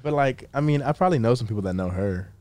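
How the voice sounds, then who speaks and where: A man's voice: mid-range voice, lively intonation, quick pace, a little mellow, no room sound. A young man who is a college freshman guesting on a casual podcast. He is laid-back, laughs easily and often restarts his sentences. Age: young adult.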